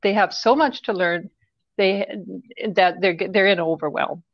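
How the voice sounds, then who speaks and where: A woman's voice: mid-range voice, measured pace, dry recording, dull audio. A woman guest in an interview, explaining her work in a direct, practical way and often checking in with "right?". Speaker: guest business coach. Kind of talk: casual interview talk.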